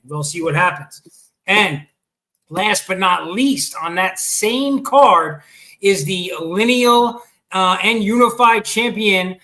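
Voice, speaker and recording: A man with a high, bright voice talks sports in a loose, casual way. He keeps hitting ums and restarts, and he has the hiccups. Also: poor audio. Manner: chatty, hesitant with many ums and restarts. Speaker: sports show host.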